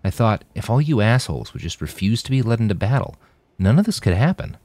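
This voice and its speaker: A man's voice: fairly low pitch, big pitch swings, quick pace, darkish tone, no room sound, voice pushed up. A man voicing an earnest, anxious young man who speaks in a searching, heartfelt way.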